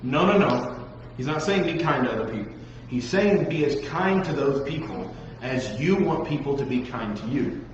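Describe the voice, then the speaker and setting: A man preaching a lively sermon to young listeners, talking straight at them and acting out the voices of the people he describes. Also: mid-range voice, moderate pace, hardly any pauses. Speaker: pastor. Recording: dull, echoey hall recording with faint noise.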